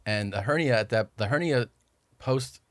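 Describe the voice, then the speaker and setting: A man's voice: mid-range voice, normal speed, no room sound. A man guesting on a podcast, wandering through a long personal story in casual chat. He acts out the lines other people said to him as he goes. His voice sits in the middle of the range and is recorded dry and close in a studio. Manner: rambling anecdotes, acting out what others said.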